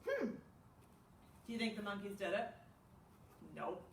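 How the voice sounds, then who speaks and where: With a medium pitch, slow pace and some vocal fry, a children's librarian reads aloud at a storytime, gasping animatedly and putting questions to her young listeners. She's far from the mic in an echoey room, with a little hiss or hum.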